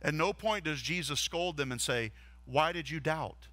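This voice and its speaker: Male pastor, bright and forward tone, earnest sermon delivery, dry close sound. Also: a little high, moderate pace, dry recording. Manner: earnest preaching with repeated rhetorical questions. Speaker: lead pastor. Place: church stage.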